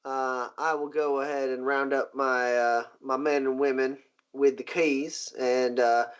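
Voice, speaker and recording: A man's voice: mid-range voice, level tone, unhurried, smooth, lightly acted. A man voicing a polite, genteel riverboat owner who talks in a courteous old-fashioned drawl. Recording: muffled lo-fi recording.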